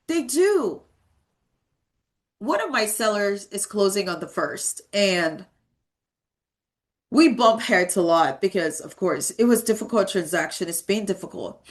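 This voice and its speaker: A woman's voice: mid-range voice, animated, a little slow. A woman in her thirties giving a realtor training talk, emphatic and repeating key words as she tells stories from her work. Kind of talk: motivational training talk with anecdotes.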